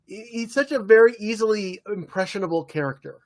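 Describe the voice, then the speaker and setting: A man co-hosting a podcast, relaxed and playful in casual chat. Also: sits high. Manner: relaxed, playful, does quick impressions. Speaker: podcast co-host.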